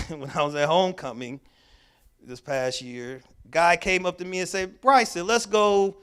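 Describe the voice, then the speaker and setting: A man's voice: on the high side, normal speed, clean tone. A man giving a mental health workshop talk at a church, telling stories with emphasis and acting out the lines of the people in them. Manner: animated storyteller who acts out quoted dialogue; emphatic, repeats key words. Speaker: workshop speaker.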